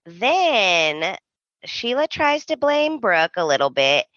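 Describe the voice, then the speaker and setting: A woman's voice: medium pitch, very animated, takes it slowly, a bit bright, no room sound, lo-fi sound. A woman chatting as a podcast co-host, opinionated about a soap opera and quoting characters with dramatic voices. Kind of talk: casual chat recapping a soap opera.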